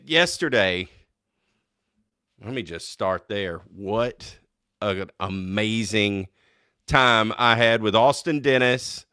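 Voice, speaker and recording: A man from North Louisiana with a North Louisiana accent, hosting a casual chat show in an excitable, chatty way with frequent laughs. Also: on the low side, clear, resonant tone, dry recording, clean studio sound. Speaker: host.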